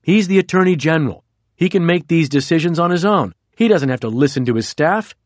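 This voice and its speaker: A man's voice: medium pitch, animated, fairly quick, a little mellow, dry recording, close to an everyday voice. A man reading the lines of an irate older man in power, blunt and contemptuous, in a dry, close recording. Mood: angry. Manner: contemptuous, insistent.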